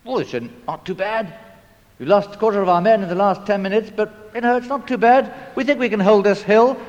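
A man's voice: sits high, fairly quick, darkish tone, long reverb tail, muffled recording, pitched above the performer's own voice, natural voice. A man playing a cheerful, stoic front-line soldier who brushes off heavy losses with breezy understatement.

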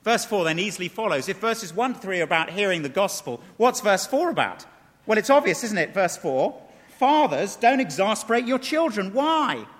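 A man's voice: high-pitched, very animated, normal speed, fairly bright tone. A man preaching a sermon, emphatic, asking rhetorical questions and reading passages aloud. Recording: long reverb of a large hall.

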